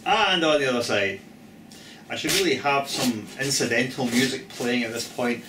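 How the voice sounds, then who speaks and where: A man's voice: medium pitch, normal speed, reverberant, noisy background. A man hosting his own gear unboxing vlog, talking in a theatrical, exuberant, self-mocking way. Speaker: channel host.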